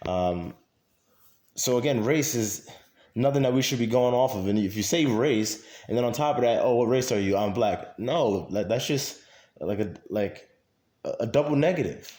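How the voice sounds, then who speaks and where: A man's voice: mid-range voice, expressive, moderate pace, a little mellow. A man in a casual monologue to camera, talking emphatically with many fillers and repeating his points. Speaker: vlogger. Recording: echoey room.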